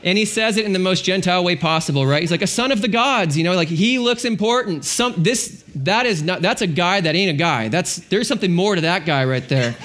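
A man's voice: sits high, expressive, fairly quick, hardly any pauses, fairly bright tone. A middle-aged male pastor preaching a sermon, telling the story animatedly and acting out the characters.

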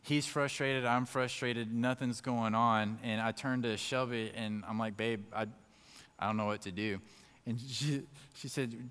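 A man sharing a personal testimony as a lively story and acting out his own thoughts as he goes. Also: mid-range voice, takes it slowly, clear, resonant tone, in a large hall. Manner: animated storyteller who acts out his own inner thoughts.

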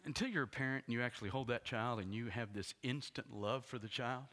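A man preaching a sermon as a pastor, retelling the story dramatically and swinging from hushed tones to loud ones. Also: medium pitch, fairly quick. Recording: long hall reverb.

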